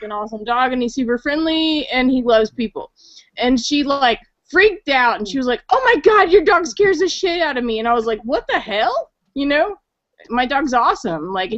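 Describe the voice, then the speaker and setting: A woman's voice: on the high side, no room sound. Chatty tipsy woman on dull call audio. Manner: chatty, swearing, lots of filler 'like'. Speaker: guest on a call-in chat show. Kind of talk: casual storytelling.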